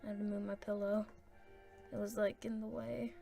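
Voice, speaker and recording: A woman's voice: mid-range voice, little pitch movement, moderate pace, creaky, mellow, soft background music. A woman giving casual gameplay commentary, rambling and hesitant as she thinks aloud.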